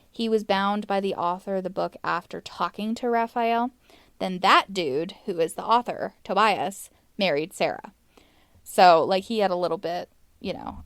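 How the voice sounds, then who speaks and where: Chatty woman with a smooth clear voice. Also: mid-range voice, dry recording. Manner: chatty, wry asides. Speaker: podcast host. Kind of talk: casual chat about demon lore.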